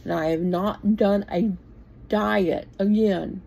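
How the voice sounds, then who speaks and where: A woman's voice: medium pitch, fairly even intonation, takes it slowly, creaky, dark tone, husky, low-quality recording. A woman in her sixties giving an informal, plainspoken Bible talk, blunt and with the odd swear word. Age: 60s. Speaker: bible teacher.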